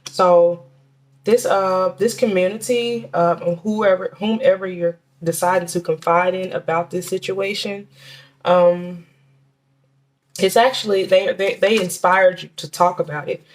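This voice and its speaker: A woman giving a casual tarot reading, talking in a chatty, halting way with many restarts and fillers, and slowing down to name the cards. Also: fairly low pitch, fairly even intonation. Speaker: tarot reader.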